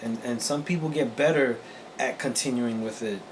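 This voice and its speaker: A man co-hosting a podcast in casual chat, speaking in a halting, reflective way with many repeated words. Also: medium pitch. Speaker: podcast co-host. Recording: audible background noise.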